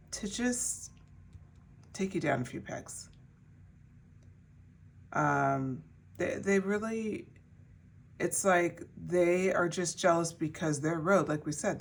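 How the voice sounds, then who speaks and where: A woman's voice: sits low, slightly rough. A woman giving a pick-a-card tarot reading to her viewers in a chatty way, with many fillers and restarts. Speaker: tarot reader.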